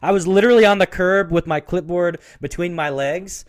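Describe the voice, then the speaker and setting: A man's voice: high voice, a little fast. Guy on a podcast telling sales stories, lots of "like" and laughing, upbeat. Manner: animated, laughing storyteller who often says "like" and "you know". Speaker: guest. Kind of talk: casual storytelling interview.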